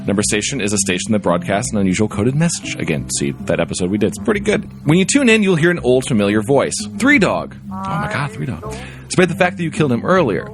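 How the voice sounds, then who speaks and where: A man co-hosting a casual podcast, reading a listener email aloud with playful, animated storytelling. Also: lowish voice, quick pace, few pauses, music in the background. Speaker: podcast co-host.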